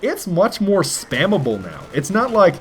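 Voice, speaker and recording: A man's voice: sits high, wildly swooping pitch, unhurried, husky. A young man giving jokey gameplay commentary for a video game, often breaking into silly voices. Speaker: gaming commentator.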